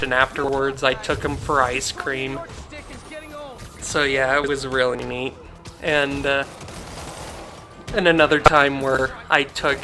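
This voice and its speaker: A young man hosting a gaming channel, chatting casually and heartfelt over gameplay, rambling with many fillers. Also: medium pitch.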